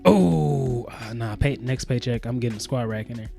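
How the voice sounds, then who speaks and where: A man co-hosting a podcast, riffing casually in a profane, animated way. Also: mid-range voice, normal speed, gravelly, music in the background. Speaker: podcast co-host. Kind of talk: casual chat.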